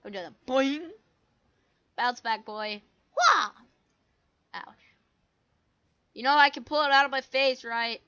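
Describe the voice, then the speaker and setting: A woman's voice: high voice, a little slow, long pauses, a bit bright, smooth, lo-fi sound. A woman giving casual, goofy commentary while playing a game, full of silly sound effects. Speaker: gamer.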